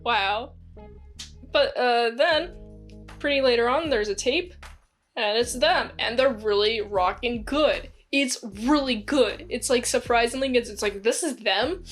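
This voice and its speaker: A woman giving a casual spoken movie review, rambling with lots of fillers and acting out lively quotes. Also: a little high, unhurried, soft background music.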